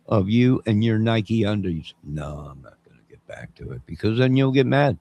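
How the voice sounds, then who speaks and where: This man's voice is fairly low, creaky and dark, with lively intonation at a moderate pace. In his fifties, he hosts his own channel and rambles jokily through a live-stream chat, answering viewers on the fly.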